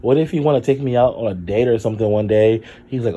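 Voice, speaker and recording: Sick guy with a sore throat, low energy, chatting to his viewers, mellow dark voice, sassy and expressive. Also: fairly quick, few pauses. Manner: chatty and expressive, with sudden high exclamations and sassy asides. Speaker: vlogger. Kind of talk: casual storytelling to camera.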